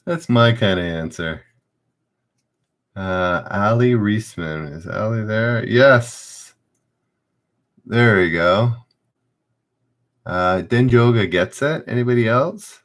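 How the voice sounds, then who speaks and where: A man's voice: on the low side, slow, long pauses. A man hosting a live-streamed trivia game, reading questions aloud and chatting loosely with viewers.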